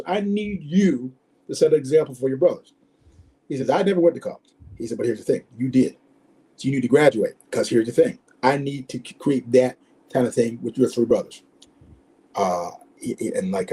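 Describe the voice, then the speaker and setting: Animated older man telling stories. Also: mid-range voice, husky, poor audio. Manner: animated storyteller, acts out quoted voices. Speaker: former football player, guest. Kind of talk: storytelling interview.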